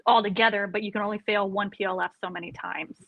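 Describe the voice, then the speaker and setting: A woman, an army career counselor, chatting casually and telling animated stories with frequent laughs. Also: mid-range voice, fast talker, gravelly, no echo, phone-quality sound. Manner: animated storyteller, laughs often. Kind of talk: casual podcast chat.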